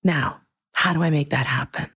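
A woman hosting her own podcast, speaking earnestly and emotionally to listeners, with frank, profane warmth. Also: low-pitched, normal speed, breathy edge, no echo, clean studio sound. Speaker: podcast host. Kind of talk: heartfelt solo podcast monologue.

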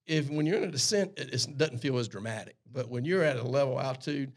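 A man with a South Carolina Lowcountry Southern accent, a guest chatting casually about flying and cooking, easygoing and agreeable. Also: quick pace. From South Carolina, USA. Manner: easygoing, agreeable, keeps saying "that's right". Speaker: guest, airline pilot. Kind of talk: casual podcast conversation.

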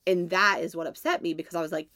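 A woman in her thirties tells a family story in a relaxed, chatty way and laughs easily. Her voice sits on the low side, and it is recorded dry and close with little room sound. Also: fast talker, no echo. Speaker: podcast co-host. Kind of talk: casual chat.

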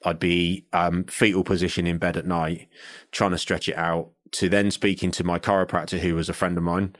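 A middle-aged man spins a long story in casual chat. His voice sits very low, and the recording is dry and close. He restarts his sentences often and slips into the voices of the people he quotes. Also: flat delivery, normal speed, fairly bright tone, no echo. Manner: chatty, restarts often and acts out other people's lines.

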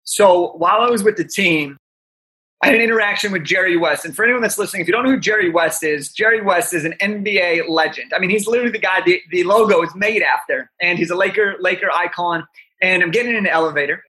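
A young man in his twenties, a podcast guest, telling an animated story with frequent "right?" asides. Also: high voice, fast.

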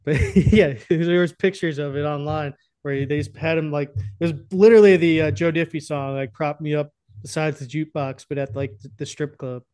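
A man's voice: a little high, fairly even intonation, moderate pace, darkish tone, clean tone, dry recording. A young man co-hosting a podcast in casual, rambling chat, crude and often laughing. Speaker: podcast co-host.

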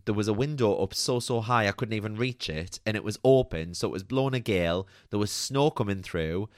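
Chatty man with a smooth voice. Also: on the low side, a little fast, no echo, clean studio sound. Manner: chatty and candid, peppered with "like" and mild swearing. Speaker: podcast host. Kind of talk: personal storytelling monologue.

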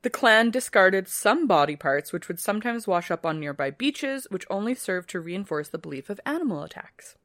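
A woman's voice: mid-range voice, animated, moderate pace, hardly any pauses, a bit bright, no echo. A woman co-hosting a podcast, reading a history script steadily and breaking off for dry casual asides. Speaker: podcast co-host.

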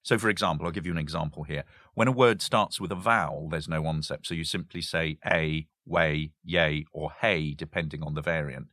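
A man's voice: rumbling low, fairly even intonation, fairly quick, few pauses, bright, forceful tone, dry recording. A man explaining language games in a casual chat, stopping to give examples and laughing often.

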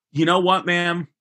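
A man's voice: high voice, pushed and bright. A man in his forties, a comedian, telling crude, rambling stories in a casual podcast chat.

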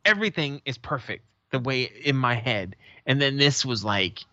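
A man's voice: medium pitch, measured pace, no echo. Male podcast co-host, casual and profane, acts out his stories; muffled, dry home audio. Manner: profane, animated storyteller who acts out quotes. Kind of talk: casual chat.

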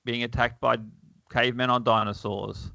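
A podcast host with a mid-range, gravelly voice and a bright, forceful tone reads a comic aloud at normal speed, his delivery flat but wry, chuckling and full of fillers. The lo-fi recording sounds dull, with a dry room and no echo.

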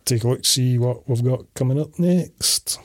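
A man's voice: mid-range voice, measured pace, background noise. A Scottish man co-hosting a podcast, chatting casually and easygoing about films. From Scotland. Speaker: podcast co-host. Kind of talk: casual film chat.

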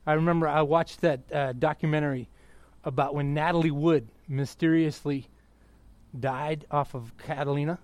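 Excitable, high-voiced male pastor preaching. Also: normal speed, dry recording. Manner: excitable, bursts into yelling then drops to quiet. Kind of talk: sermon.

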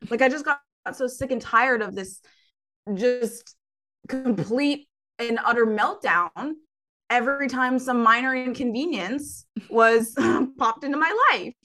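A woman coach talking casually in an interview, animated and laughing often. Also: a little high, a little slow. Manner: animated, laughs often, acts out her own past voice.

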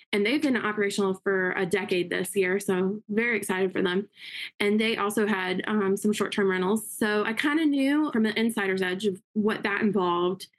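A woman guest in an interview, telling her story in a quick, upbeat way and acting out quotes. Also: medium pitch. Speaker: interview guest, realtor and investor. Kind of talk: casual interview talk.

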